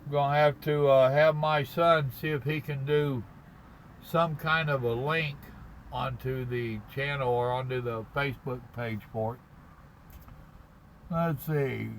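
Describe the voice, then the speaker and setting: His pitch is medium and his intonation fairly even, heard through poor audio with a bit of hiss or hum. A truck driver parked at a stop, he chats casually on a live stream, reading viewer comments in a folksy, slow drawl and calling people "brother."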